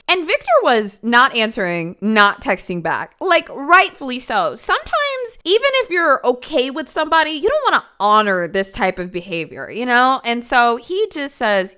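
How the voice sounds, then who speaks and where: A woman's voice: on the high side, animated, unhurried, hardly any pauses, pushed and bright, clear, resonant tone. A woman hosting a true crime podcast, telling the case in a casual, chatty way with asides to the listener.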